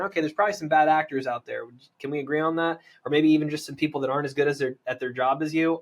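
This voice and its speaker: A man from the United States, a land investor and podcast guest, coaching on sales in an energetic, persuasive way and often checking in with "right?". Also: on the high side, fast talker. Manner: energetic, persuasive, lots of "right?" tag questions.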